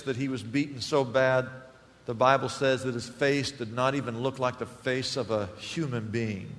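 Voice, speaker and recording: Preaching man in a reverberant church. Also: mid-range voice. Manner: asks the congregation fill-in questions, builds to loud emphatic peaks. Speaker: pastor. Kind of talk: sermon.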